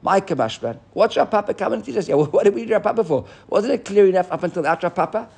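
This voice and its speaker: A man teaching a Talmud class, animated and often restarting as he explains. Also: high voice, fast talker, gravelly, slightly rough. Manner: animated, restarts often, mixes Hebrew and Aramaic terms.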